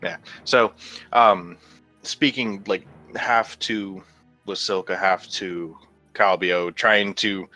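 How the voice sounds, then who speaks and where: A man taking part in a tabletop game, with a low, deep voice and a slow, hesitant delivery. His tone is bright and crisp, with faint music behind. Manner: unhurried, hesitant. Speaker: player. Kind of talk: casual in-character play.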